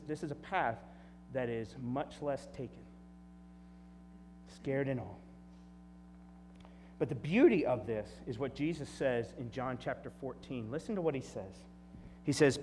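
A man, a pastor, preaching a sermon, swinging from loud, animated asides to quiet, low emphasis. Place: church hall. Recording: reverberant hall, faint hum.

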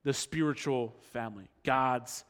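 A man preaching an expository sermon, animated, acting out the crowd's lines and dropping low and slow for quotes. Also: smooth. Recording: long reverb of a hall.

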